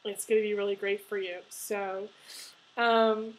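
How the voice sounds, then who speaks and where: A woman's voice: medium pitch, flat delivery, a little slow, poor audio. A woman giving a casual tarot reading to camera, emotional and crying as she talks, with many ums and restarts. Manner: emotional, tearful, laughing through tears. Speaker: tarot reader.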